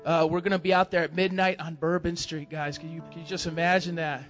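A man's voice: a little high, flat delivery, fairly quick, fairly bright tone, muffled recording, faint music behind. A man making a church announcement, rallying people to sign up with an upbeat, encouraging manner. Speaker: ministry team leader making an announcement.

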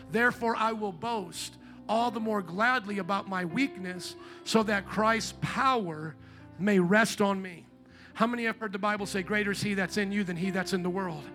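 A man preaching a sermon as pastor, fervent and growing loud and emphatic, slowing right down when he quotes scripture. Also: high voice. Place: church sanctuary. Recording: faint guitar music behind.

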